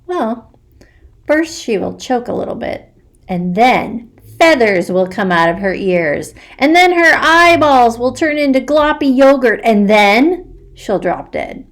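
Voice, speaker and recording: A woman reading aloud plays a scheming helper who talks in a hushed, conspiratorial way and relishes gruesome details. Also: a little high, lively intonation, takes it slowly, voice pushed up. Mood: relishing.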